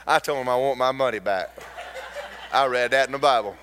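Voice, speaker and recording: A man preaching a sermon as pastor, exhorting and joking with his congregation and rising to shouts. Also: mid-range voice, a little fast, a little hiss or hum.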